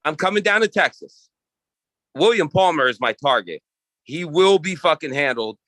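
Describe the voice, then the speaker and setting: A man's voice: on the high side, expressive, normal speed, fairly bright tone, no room sound. A man trading brash, profane, boastful trash talk as an arm wrestling guest on a casual chat show.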